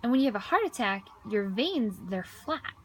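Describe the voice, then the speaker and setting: Halting woman voicing a told story. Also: fairly high pitch, very animated, slight background noise. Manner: halting, with frequent restarts and repeated words. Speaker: voice-over interpreter for a deaf man. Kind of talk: voicing a signed personal story in first person.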